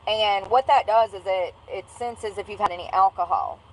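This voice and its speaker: A woman's voice: medium pitch, normal speed, rough recording. A woman telling a rambling, candid story in casual slang while she drives.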